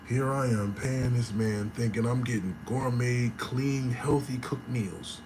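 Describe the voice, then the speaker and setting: A man's voice: medium pitch, unhurried, few pauses, background noise. A man telling a personal story to camera, talking casually and animatedly, with a lot of slang and swearing. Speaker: vlogger. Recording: roomy room with faint ambience.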